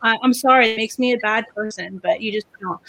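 High-pitched lady going off in a casual podcast chat, super opinionated. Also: fairly quick, vocal fry. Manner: animated, opinionated ranting.

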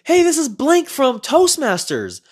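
A man voicing a chirpy woman on the phone, with a sugary, forced-smile tone in a high falsetto. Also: huge pitch swings, a little slow, full character voice. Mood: forced cheer.

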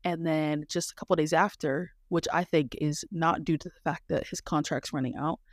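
A young woman co-hosting a casual chat podcast, talking in a chatty, animated way with quick asides. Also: low-pitched, no room sound, clean studio sound. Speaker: podcast co-host.

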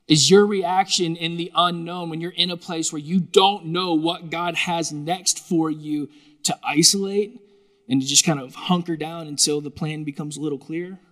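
A man preaching a sermon to a live congregation in a lively, joking, conversational way. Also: a little high. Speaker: pastor.

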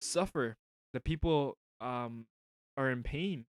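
Male co-host, slow halting delivery, earnest, clean and dry sound. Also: medium pitch, clear, resonant tone, no echo. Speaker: podcast co-host. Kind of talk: casual faith discussion.

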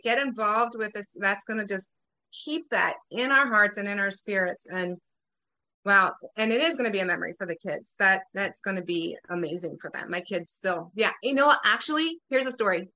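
A female host talks with a bright, forceful tone. She is lively and chatty and laughs easily. This is casual interview talk. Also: mid-range voice, normal speed. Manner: enthusiastic and chatty, with frequent laughs. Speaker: podcast host.

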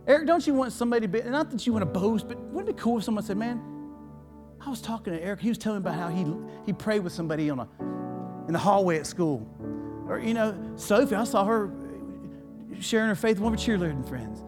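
A tearful male pastor in church tells a story during his sermon, folksy and emotional, restarting often. His voice is high-pitched and animated, he talks fast, and music plays underneath.

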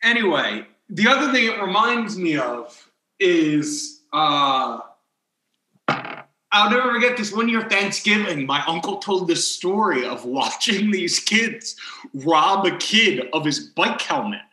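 A man's voice: high-pitched, sing-song, slow pace, pushed and bright, echoey room, rough recording. A young man hosting a podcast, telling a story in a rambling way full of "like" and acted-out quotes. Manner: rambling, heavy on "like", acts out quoted people. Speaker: podcast host. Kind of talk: casual storytelling chat.

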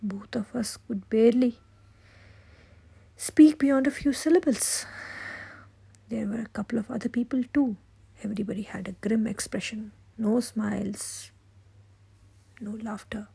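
A woman voicing a grieving grandmother in her sixties, retelling a childhood tragedy in slow, somber, breathy whispered role-play. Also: a little high, warm tone, full character voice. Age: 60s.

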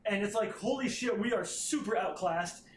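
A podcast co-host with a high-sitting voice casually recaps a comic plot at a moderate pace, rambling, swearing and acting out the characters' lines. The recording has a roomy echo and slight background noise.

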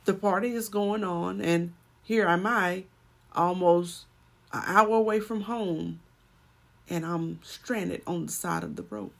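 A woman's voice: lowish voice, steady tone, slow pace, creaky. A woman preaching a sermon and telling a personal story, building to emphatic swells.

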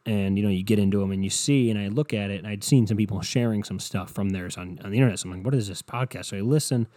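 On his own podcast, a young man rants bluntly and rambles, swearing a lot. His voice is lowish and warm, he talks fast, and there's no echo.

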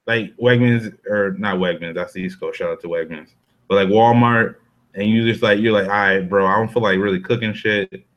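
Animated swearing man on a podcast. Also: lowish voice, dull audio. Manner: animated, swears freely, acts out quotes. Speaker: podcast co-host. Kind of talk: casual chat.

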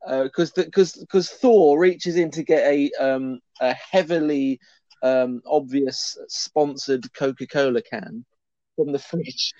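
A man co-hosting a casual film review chat, incredulous and quick to laugh. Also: medium pitch, darkish tone, no echo. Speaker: podcast co-host. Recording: slightly dull lo-fi mic.

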